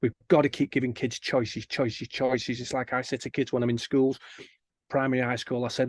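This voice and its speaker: A man, an energetic guest in an interview, telling stories and acting out the people he quotes. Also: medium pitch, normal speed, breathy edge, dry recording, clean studio sound. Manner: energetic storyteller who acts out quoted people. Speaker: guest, kindness campaigner. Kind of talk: animated interview chat.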